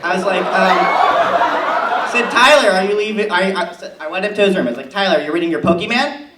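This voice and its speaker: A man's voice: sits high, fairly quick, lightly acted. A man voicing a brash, gossipy middle-aged suburban mom in a stand-up bit, chatty and rambling, recorded in an echoey room with a far-off mic and noise. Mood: brassy gossip. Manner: chatty, rambling, loud and oblivious.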